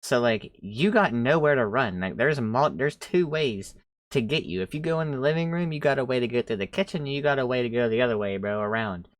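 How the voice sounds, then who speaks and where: A man hosting a reaction video, talking casually and excitedly, swearing and riffing as he comments on clips. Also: medium pitch, fairly quick, dry recording. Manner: animated, swearing, exclaiming, riffing.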